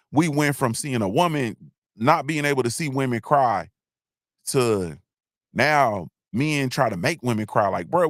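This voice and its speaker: A man's voice: on the high side, no room sound, clean studio sound. A man hosting a livestream, talking in a loose, rambling monologue with slangy asides and many restarts. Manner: rambling, repeats himself, frequent restarts, slangy. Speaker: livestream host.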